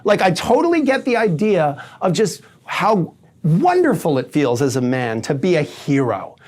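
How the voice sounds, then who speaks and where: A man with a New York accent, speaking as an attorney guest in a conversational podcast discussion. He tells animated stories with a sarcastic edge. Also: a little high, normal speed. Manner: animated, sarcastic storyteller who acts out quotes.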